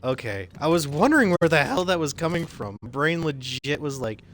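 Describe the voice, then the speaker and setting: A man streaming a game live, commenting excitedly and swearing often. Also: a little high, a little fast. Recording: noisy stream audio.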